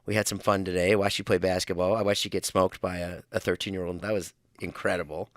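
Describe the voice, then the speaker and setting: A man's voice: sits low, level tone, fast talker, dry recording, studio quality. A man in his forties co-hosting a podcast, joking and teasing his partner, with casual swearing. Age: 40s. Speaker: podcast co-host. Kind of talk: casual chat.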